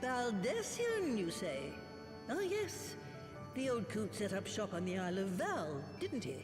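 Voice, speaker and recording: A woman's voice: mid-range voice, very animated, a little slow. A woman voicing a cranky, scornful old witch in a video game, speaking sarcastically. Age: older. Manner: sarcastic, scolding. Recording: echoey game audio with long reverb. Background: game music.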